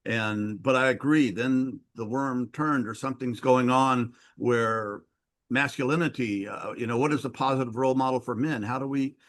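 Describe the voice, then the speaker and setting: A man's voice: medium pitch, moderate pace, a bit bright. A middle-aged man hosting a podcast interview, sharing personal reflections in an earnest way. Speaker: podcast host. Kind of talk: conversational interview.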